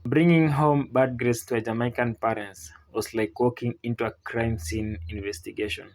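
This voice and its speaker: A man's voice: mid-range voice, fairly even intonation, moderate pace, a little hiss or hum, rough recording. A man narrating scripted comedy about Caribbean parents, now and then mimicking a mother.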